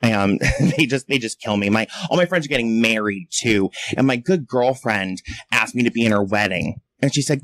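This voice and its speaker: A man doing a chatty stand-up set on a club stage, self-mocking and quick to jump into shrill voices for the people he quotes. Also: expressive, fairly bright tone, dry recording. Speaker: stand-up comedian.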